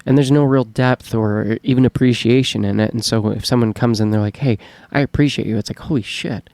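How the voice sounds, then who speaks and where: A man's voice: medium pitch, fairly even intonation, brisk, a little mellow, dry recording. A man co-hosting a podcast in casual chat who muses in a rambling, reflective way and fills his talk with "you know" and "like". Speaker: podcast co-host.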